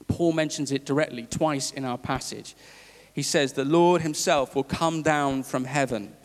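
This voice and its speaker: A man preaching a sermon in a conversational, halting way, with fillers and restarts. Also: fairly high pitch. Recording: long hall reverb.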